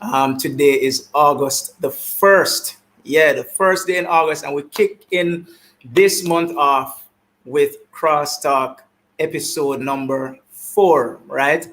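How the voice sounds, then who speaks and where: A man with a Jamaican accent hosting an online talk show, animated and full of repeated greetings and shout-outs, heard over a video call. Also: a little high, slow.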